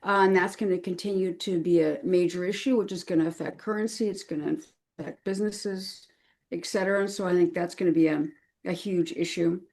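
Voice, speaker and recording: A woman's voice: lowish voice, fairly even intonation, brisk, darkish tone. A woman speaking as a guest on a podcast interview, chatty and earnest, with frequent fillers and restarts. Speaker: crisis management consultant, podcast guest.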